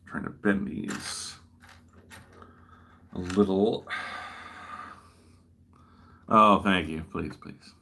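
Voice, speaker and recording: A man's voice: low voice, fairly even intonation, drawn-out words, creaky, pauses often, sharp tone, a little hiss or hum. A man hosting a livestream, chatting casually while he builds a model, rambling and poking fun at himself. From American Midwest. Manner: rambling, self-deprecating. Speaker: livestream host.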